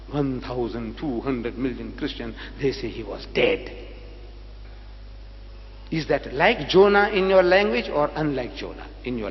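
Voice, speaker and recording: An older man from South Africa delivers a dramatic lecture, firing rhetorical questions and repeating phrases for emphasis. His voice is high and swoops widely. The recording is dull and lo-fi, with a long hall echo and a faint hum underneath. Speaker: preacher. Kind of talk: public lecture to an audience.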